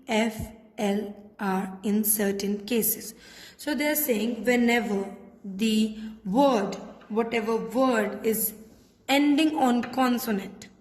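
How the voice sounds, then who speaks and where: A woman's voice: fairly high pitch, a little mellow. A woman teaching a French class patiently, spelling out letters and repeating words. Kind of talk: classroom lesson. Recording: echoey room with long reverb.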